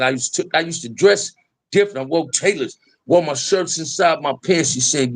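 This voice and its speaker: A man's voice: medium pitch, animated, moderate pace, vocal fry, slightly rough. A middle-aged man telling casual, profane life stories in a streetwise way, often calling the listener "man". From Los Angeles area. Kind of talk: casual storytelling.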